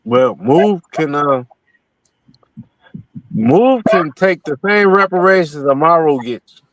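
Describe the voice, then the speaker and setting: A man's voice: fairly high pitch, animated, slow, no room sound, rough recording. A man co-hosting a podcast, talking in a blunt, slangy, casual way. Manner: blunt, slangy, laughs a lot. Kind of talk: casual chat.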